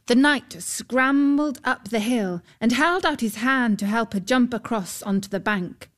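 A woman narrating a storybook in a calm, measured way. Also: a little high. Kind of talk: storybook reading.

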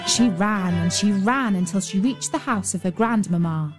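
A woman narrating a fairy tale in a gentle, measured storytelling manner. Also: medium pitch, soft background music. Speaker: storyteller host.

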